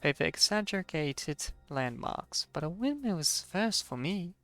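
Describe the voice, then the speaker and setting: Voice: mid-range voice, very animated, a little slow, fairly bright tone, soft background music. Streamer reading a game story aloud. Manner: reads narration aloud, stumbles over words and chats in asides.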